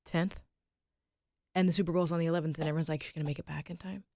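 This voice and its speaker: A woman co-hosting a morning radio show, quick and teasing in her replies. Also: low voice, fairly even intonation, vocal fry, dark tone, no room sound, studio quality. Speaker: radio co-host. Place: radio studio.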